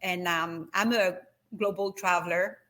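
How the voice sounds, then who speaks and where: A woman's voice: on the low side, fairly even intonation, measured pace, a bit bright. A middle-aged woman with a French accent, talking hesitantly with many fillers as a guest in an interview. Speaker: wellness retreat company CEO, guest. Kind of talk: video call interview.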